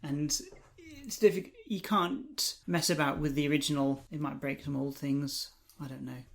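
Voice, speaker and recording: A man's voice: on the high side, steady tone, moderate pace, gravelly, fairly bright tone. A man co-hosting a tech podcast in easygoing casual chat, with hesitant restarts. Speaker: podcast co-host.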